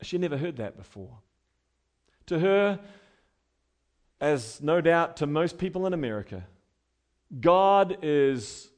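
Speaking in a slightly high voice, a man delivers a conversational sermon as a pastor, pushing toward forceful points and then letting his voice drop low.

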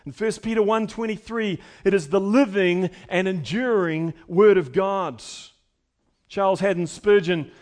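High-voiced man preaching a sermon. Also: measured pace. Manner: emphatic, builds with repeated phrases. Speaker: pastor.

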